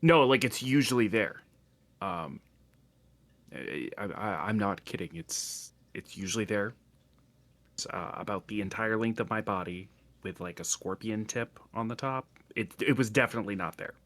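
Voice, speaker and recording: A man's voice: on the low side, normal speed, fairly bright tone. A man playing a tabletop game, talking in character, stammering and wry. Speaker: player. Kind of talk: casual tabletop banter, in character.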